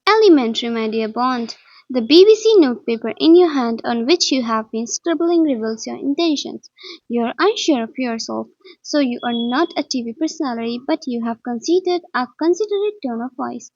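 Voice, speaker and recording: A woman's voice: on the high side, animated, a little mellow, dry recording, highs cut off. A woman doing an impatient know-all detective. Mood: lecturing. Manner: brisk, emphatic, lecturing. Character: brisk, impatient male detective, sharp and knowing.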